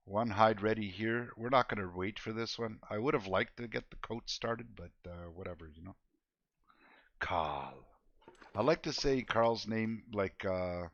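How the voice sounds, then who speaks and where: A man with a lowish, fairly bright voice streams a video game, chatting casually with viewers. He's laid-back and joking and laughs often. The recording's high frequencies are cut off.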